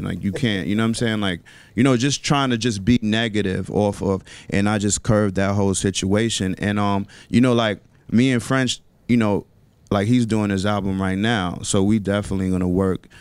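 Radio guest: New man, relaxed street slang, smooth low voice, dry studio mic. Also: normal speed, dry recording. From New York. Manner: laid-back slangy talk with many fillers. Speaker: rapper and songwriter guest. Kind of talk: casual radio interview.

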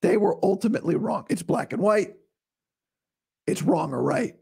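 A man with a hoarse, rough voice, recovering from vocal cord surgery, hosting a casual solo sports podcast in a blunt, opinionated way. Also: high voice, expressive, normal speed, darkish tone. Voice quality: rough, breathy voice dropping into whispers. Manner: blunt, opinionated, talks straight to listeners.

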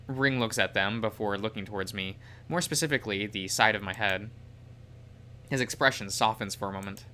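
A man's voice: on the low side, fairly quick, sharp tone, slight background noise. A man reading a visual novel aloud as the show's host, in plain narration. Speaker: game reader.

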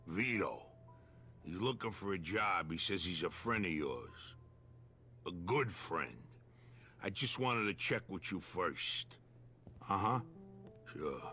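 Deep low shrewd mob boss down at the docks, slick street talk, game voice. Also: male voice, sharp tone, heavily acted. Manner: streetwise, persuasive. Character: middle-aged male dockside crime boss, shrewd.

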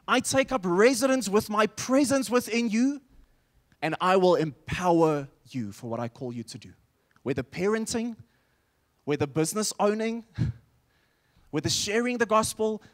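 A male pastor preaching a sermon in church, telling a story with emphatic, animated delivery. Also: high-pitched.

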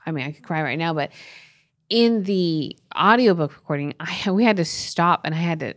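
A woman's voice: fairly low pitch, lively intonation, normal speed, no echo, studio quality. A woman in her forties co-hosting a parenting podcast, telling a painful family story in an earnest, tender way with many "you know" fillers. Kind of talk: emotional personal story on a podcast.

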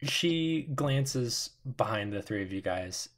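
A man's voice: mid-range voice, slow. Hesitant man running a tabletop game. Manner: relaxed, hesitant, many "uh"s. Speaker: game master.

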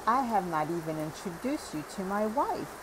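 A woman's voice: medium pitch, big pitch swings, normal speed, noisy background, lightly acted. A woman voicing an eager, hospitable old man who fusses to please his older brother, in a storybook reading. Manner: fussing, keen to please.

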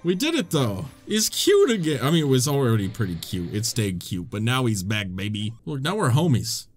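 A young man giving excitable, swearing let's play commentary, his voice jumping high when the game gets tense. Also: normal speed, soft background music. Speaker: gaming YouTuber.

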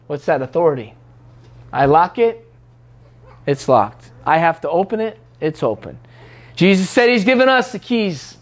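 A man's voice: a little high, moderate pace. A man preaching a sermon in a conversational way, teasing and mimicking what others say in prayer.

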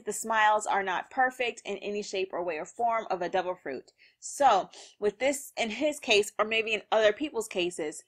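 A woman reading a manga aloud and reacting to it in a lively, slangy way, laughing often. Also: medium pitch.

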